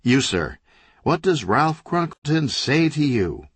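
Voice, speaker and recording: A man voicing a pushy, sharp-tongued female TV newswoman with a brisk on-air delivery, raised well above his own pitch. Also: very animated, breathy edge, no echo, heavily acted. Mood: perky.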